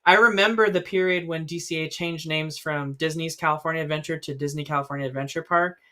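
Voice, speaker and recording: A man's voice: a little high, steady tone, fast talker, pushed and bright. A man co-hosting a casual livestream chat, telling long rambling stories full of fillers. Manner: rambling storyteller with many fillers and little laughs. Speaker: livestream co-host.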